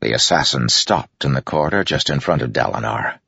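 A man narrates a fantasy story in a measured, dramatic way. His voice is very deep, gravelly and husky. The recording is dry and somewhat dull. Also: animated, pushed and bright, dry recording. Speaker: audiobook narrator. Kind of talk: scripted narration.

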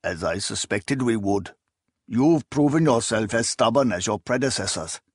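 A man's voice: medium pitch, breathy edge, no echo, studio quality. A man doing a coldly menacing sorcerer spymaster. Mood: menacing calm. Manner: calm, measured, quietly menacing. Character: cold, calculating male sorcerer spymaster.

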